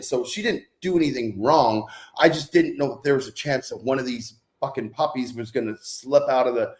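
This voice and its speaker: A man's voice: medium pitch, brisk, hardly any pauses, darkish tone. A man co-hosting a podcast, casually telling a self-deprecating story with frequent swearing. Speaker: podcast co-host. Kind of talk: casual chat.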